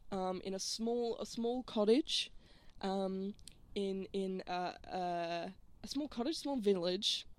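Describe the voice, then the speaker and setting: A woman's voice: medium pitch, slow pace, few pauses, clean tone, no room sound. A woman narrating a comedic improv story with a hesitant, filler-heavy, giggly manner. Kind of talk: comedic improv role-play.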